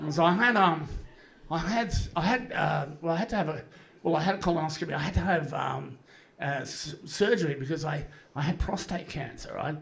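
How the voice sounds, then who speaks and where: A man's voice: on the high side, fairly quick, vocal fry, fairly bright tone, slight background noise. A man in his fifties with an Australian accent doing live stand-up, rambling, crude and self-mocking, with lots of fillers and restarts. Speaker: stand-up comedian. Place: comedy club stage, audience laughing.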